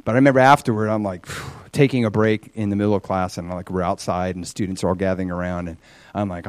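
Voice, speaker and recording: A man preaching a sermon, telling a personal story in an earnest, animated way. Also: low voice, quick pace, no room sound.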